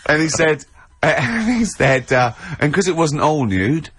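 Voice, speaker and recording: A man hosting a radio show in a studio, chatting casually and telling animated stories in which he mimics a friend. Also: on the high side, unhurried, husky. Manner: animated anecdotes with impressions of a friend. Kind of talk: casual radio chat, storytelling.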